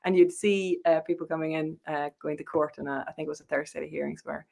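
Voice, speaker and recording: A woman's voice: low-pitched, fairly even intonation, fast talker, creaky, warm tone. A Swedish-born woman, a native Swedish speaker, telling chatty stories with frequent laughter on a live video call. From Sweden. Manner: chatty storyteller, laughs often. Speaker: whisky industry guest. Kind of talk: casual chat on a live stream.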